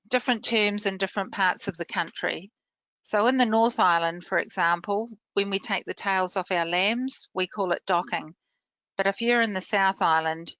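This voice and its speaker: Bright, clear New Zealand woman presenting. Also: lowish voice, dry recording, muffled recording. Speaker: literacy manager presenting a webinar. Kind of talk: scripted webinar presentation.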